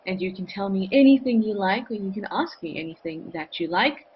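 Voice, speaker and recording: A woman's voice: medium pitch, lively intonation, a little fast, husky, lo-fi sound. A woman hosting a live wildlife cam show, chatting enthusiastically and reading out viewer comments.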